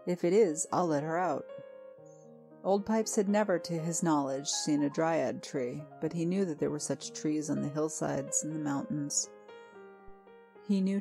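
Low-voiced woman storyteller. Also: creaky. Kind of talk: storybook narration. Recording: faint music behind.

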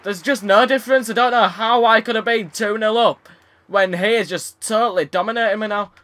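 A man's voice: high voice, a little fast, a bit bright. A young man commentating his tennis game, frustrated, swearing and sarcastic. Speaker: gaming YouTuber. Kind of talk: let's play commentary.

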